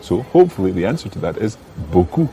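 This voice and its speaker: A man with a low, warm, sing-song voice teaches a language lesson on a podcast. He patiently offers phrases and slows down to model how they're pronounced.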